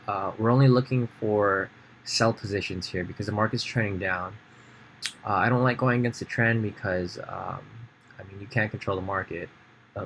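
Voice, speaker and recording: A man's voice: lowish voice, a bit bright, a little hiss or hum. A man giving a casual screen-share trading tutorial, thinking aloud with fillers and restarts. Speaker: trading educator.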